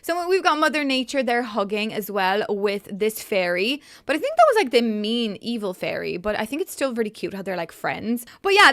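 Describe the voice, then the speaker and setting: A woman's voice: a little high, a bit bright. Chatty young woman gushing. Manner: gushing and chatty, full of fillers. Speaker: gaming YouTuber. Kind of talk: casual reaction commentary.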